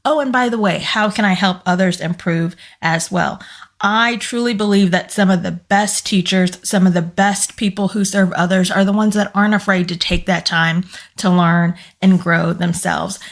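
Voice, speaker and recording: A woman's voice: on the low side, fairly even intonation, normal speed. A woman who has left corporate work to run her own business, speaking to camera in a casual, encouraging way while losing her voice. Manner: earnest, encouraging, with fillers and small restarts. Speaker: business coach and former corporate employee. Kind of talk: casual motivational talk to camera.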